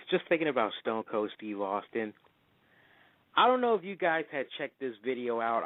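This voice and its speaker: A man hosting a casual wrestling talk show, excitable and quick to slip into loud put-on voices. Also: medium pitch, no echo. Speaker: podcast host. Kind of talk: casual radio-style chat. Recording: tinny phone-line sound.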